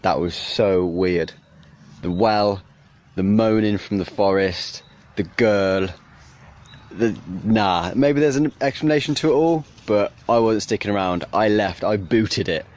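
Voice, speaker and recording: A man's voice: on the low side, unhurried, a little mellow. A man vlogging from his camper van, rambling and nervous as he tells what happened. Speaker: van traveller filming himself. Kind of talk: casual vlog to camera. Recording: distant, dull lo-fi clip with music.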